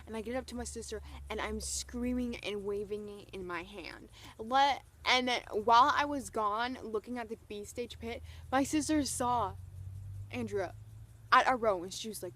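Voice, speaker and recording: A young woman telling an excited story to camera, gushing and peppering her talk with "like". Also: fairly high pitch, normal speed. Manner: breathless, gushing, heavy use of "like". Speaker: vlogger.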